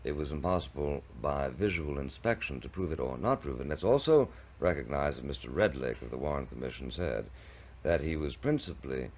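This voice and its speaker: A man with an extremely deep, gravelly voice argues in a televised debate. He stammers through restarts and chooses ornate, wry phrasing. The sound comes from an old 1960s TV recording. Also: animated, fairly quick, a little mellow.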